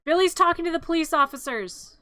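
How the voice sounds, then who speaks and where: A playful woman streamer recaps a film for laughs, wandering off into asides as she goes. Her voice is high and sharp, and it sounds close and dry. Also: lively intonation, brisk, no room sound. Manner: playful, rambling, self-interrupting asides. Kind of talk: comic live-stream retelling of a film.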